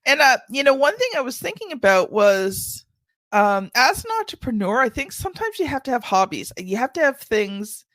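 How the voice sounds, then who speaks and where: Chatty older woman host, high voice. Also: big pitch swings, normal speed, a bit bright, no echo. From Canada. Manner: chatty storyteller, acts out children's voices. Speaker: podcast host. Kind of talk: casual chat.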